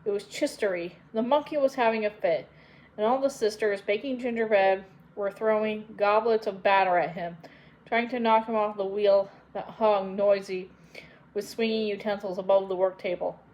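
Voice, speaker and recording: A woman narrating an audiobook in a measured, unhurried way. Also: medium pitch, steady tone, darkish tone, low-quality recording. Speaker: audiobook reader.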